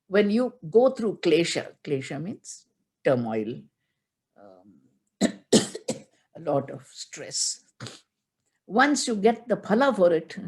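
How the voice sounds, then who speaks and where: A woman spiritual teacher giving a religious discourse, chanting Sanskrit verses and then explaining them in measured storytelling. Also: mid-range voice, mellow.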